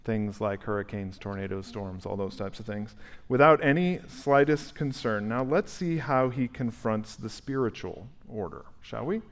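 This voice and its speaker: A male pastor preaching a conversational, animated sermon and asking the congregation questions in a church sanctuary. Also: on the low side, moderate pace.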